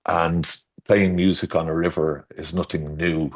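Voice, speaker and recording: Irish guy, middle aged, really low voice, rambles on with stories and does little voices for quotes. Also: flat delivery, a little slow. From Ireland. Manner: rambling storyteller, restarts, acts out quotes with shifting pitch. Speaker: garden designer guest. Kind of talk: casual conversational interview.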